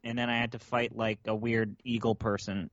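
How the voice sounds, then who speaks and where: A man's voice: lowish voice, flat delivery, moderate pace, a bit bright, no echo, dull audio. A man co-hosting a casual podcast chat, blunt and exasperated, swearing freely. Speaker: podcast co-host.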